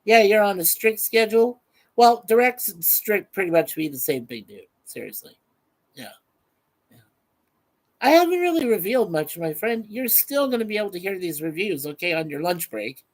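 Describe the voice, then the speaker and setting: A man's voice: sits high, big pitch swings, moderate pace, poor audio. A man hosting a casual live stream, chatting loosely with many fillers and reading out viewer comments.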